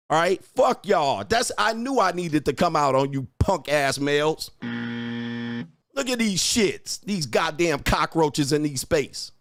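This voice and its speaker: A man's voice: a little high, gravelly, a bit bright, no echo, studio quality. A man hosting a livestream, berating his viewers in a profane rant full of insults and repeated taunts. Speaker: livestream host and dating coach. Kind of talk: ranting at live chat.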